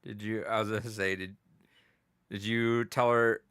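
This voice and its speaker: A man's voice: lowish voice, little pitch movement, measured pace, long pauses, a bit bright, clean tone, no room sound, studio quality. A man co-hosting a podcast in casual chat, enthusiastic and joking with his co-hosts. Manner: chatty and enthusiastic, jokes with co-hosts. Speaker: podcast co-host.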